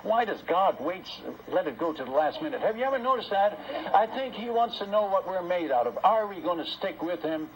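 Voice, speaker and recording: A man's voice: fairly high pitch, a little hiss or hum, poor audio. A man preaching, telling a folksy story and acting out both sides of the conversations, with homely asides to his listeners. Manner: folksy, lively retelling that acts out both sides of dialogues; homely asides and questions to the audience. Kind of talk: storytelling sermon.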